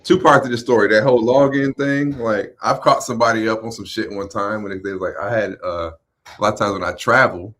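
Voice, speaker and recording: Low-voiced man explaining casually. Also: steady tone, fairly quick, fairly bright tone. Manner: explaining, meandering with fillers. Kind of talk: casual chat.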